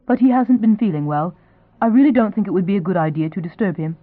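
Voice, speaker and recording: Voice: medium pitch, quick pace, no echo, close to an everyday voice. A proud, anxious young mother who keeps her answers short and defensive, as an audiobook reader puts her on. The sound is narrow and phone-like. It is dry and close. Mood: guarded. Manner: clipped, defensive.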